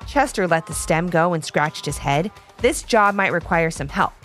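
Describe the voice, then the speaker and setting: A woman narrating a children's story with expressive, animated delivery. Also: fairly low pitch, moderate pace, soft background music.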